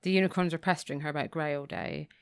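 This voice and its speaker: A woman's voice: low-pitched, steady tone, fast talker, gravelly, clear, resonant tone, dry recording. A woman co-hosting a book podcast, recapping the plot and reading passages aloud with dry, mock-dramatic relish. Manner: reads quotes with dry, mock-dramatic relish, laughs often. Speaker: podcast co-host.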